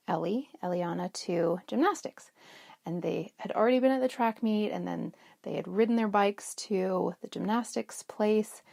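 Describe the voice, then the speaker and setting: A middle-aged woman talks casually to her listeners about self-care, chatty and a little rambling. Her voice has a gravelly, fry-tinged edge at a medium pitch. She sounds close and dry, with no room around her. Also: darkish tone, no room sound. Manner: chatty, storytelling, restarts mid-sentence. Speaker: podcast host.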